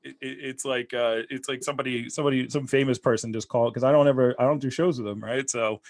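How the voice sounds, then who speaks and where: A man hosting a podcast, telling stories in a rambling, animated way during casual chat. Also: mid-range voice, fast.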